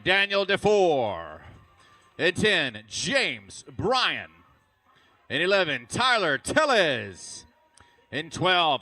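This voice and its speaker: A man's voice: high-pitched, sharp tone. A man announcing a live arena fitness competition, hyped and cheering the athletes on. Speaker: event announcer. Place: large indoor arena.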